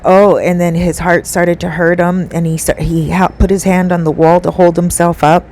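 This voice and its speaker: A woman's voice: lowish voice, level tone, normal speed, a little mellow, slight background noise, low-quality recording. A woman telling a story in a chatty, casual way, full of fillers and asides. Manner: chatty, conversational with many fillers.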